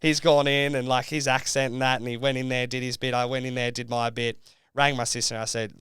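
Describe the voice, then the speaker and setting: A man's voice: medium pitch, little pitch movement, fast talker, a bit bright, clear, resonant tone, no room sound, studio quality. A young Australian man and reality show contestant, telling his story in a casual podcast interview, rambling with lots of fillers.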